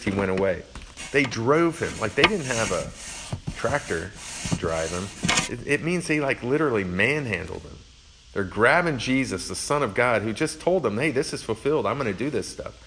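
A man's voice: mid-range voice, a bit bright, slight background noise, low-quality recording. A man giving a conversational sermon, explaining a passage verse by verse with earnest asides. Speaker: pastor.

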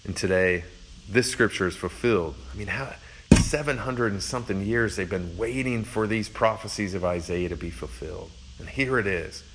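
Brief: male pastor, low voice, earnest explaining tone, casual sermon delivery. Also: normal speed, background noise. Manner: earnest, thinking aloud, explains verse by verse. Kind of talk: conversational sermon.

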